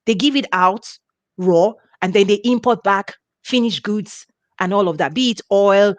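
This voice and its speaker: An emphatic woman hosting an interview, exclaiming freely and stretching her words for effect. Her voice sits at a middle pitch. The sound is dry and close, with no room echo. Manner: emphatic, lively, drawn-out exclamations. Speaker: interview host. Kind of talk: conversational interview.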